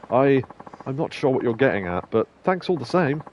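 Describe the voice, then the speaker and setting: A man's voice: medium pitch, sing-song, moderate pace, darkish tone, slight background noise. A young man streaming a game, reading its dialogue aloud between rambling, chuckling asides. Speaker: let's play streamer. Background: faint game music.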